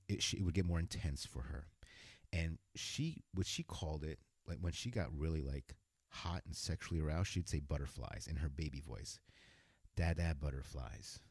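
A man's voice: a bass voice, a little mellow, breathy edge, no room sound. A man hosting a podcast and telling a personal story in a casual, frank way, with repeated fillers and restarts. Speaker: podcast host.

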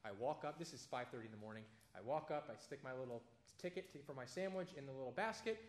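A man teaching a casual Bible study, conversational and animated, telling everyday anecdotes between points. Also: medium pitch, fast.

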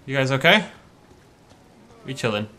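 A man's voice: medium pitch, animated, measured pace, sharp tone, slight background noise. A man giving casual let's play commentary, chatting to the characters on screen and breaking into sudden alarmed outbursts. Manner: chatty, talks to enemies, jumpy outbursts. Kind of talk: live gameplay commentary.

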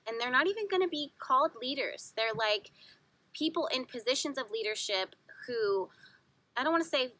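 Bright-voiced woman explaining astrology. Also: high-pitched, lively intonation, moderate pace. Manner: earnest, repeats words while searching for phrasing. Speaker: astrology YouTuber. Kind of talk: talking to camera about astrology.

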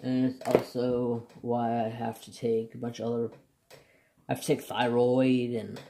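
A man's voice: mid-range voice, little pitch movement, unhurried, gravelly, mellow, slight background noise. A man chatting casually and jokingly as he swatches markers for his craft vlog. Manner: chatty, joking, self-deprecating. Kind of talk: casual chat.

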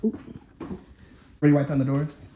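A young woman vlogging casually to camera, chatty and excitable, nervous before her surgery. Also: low voice, normal speed, highs cut off, slight background noise. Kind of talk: casual vlog talking to camera.

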